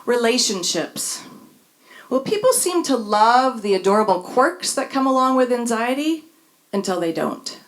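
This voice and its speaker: A woman's voice: fairly high pitch, big pitch swings, measured pace. A woman reading her own personal essay on a stage in front of a live audience, with a wry, emphatic delivery. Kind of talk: spoken essay read on stage.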